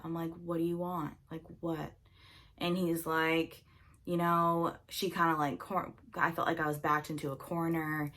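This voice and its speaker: A young woman with a low, deeper-than-usual voice, chatting through a storytime while she does her makeup. She tells it in a loose, animated way, filled with "like" and acted-out bits of dialogue. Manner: chatty, animated retelling with lots of "like" and quoted dialogue. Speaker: beauty vlogger telling a storytime. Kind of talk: casual storytime chat while doing makeup.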